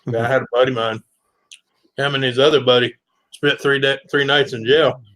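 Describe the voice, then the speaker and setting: A man's voice: medium pitch, fairly even intonation, brisk, fairly bright tone, dry recording, low-quality recording. Easygoing man telling stories. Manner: easygoing storyteller, says yeah often. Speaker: regular guest. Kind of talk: casual chat.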